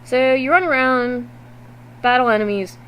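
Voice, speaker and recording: A woman vlogging to her webcam at home, recapping a video game in a loose, animated way and swearing freely. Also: high voice, moderate pace, clear, resonant tone, rough recording. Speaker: gaming vlogger. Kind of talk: casual game recap to camera.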